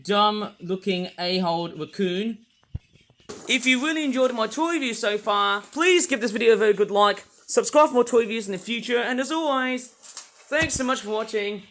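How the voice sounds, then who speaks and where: Man, toy reviewer, rambling vlog chat, sharp bright tone. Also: high-pitched. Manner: rambling, repeats filler words, grumbling rant. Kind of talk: casual rambling vlog talk.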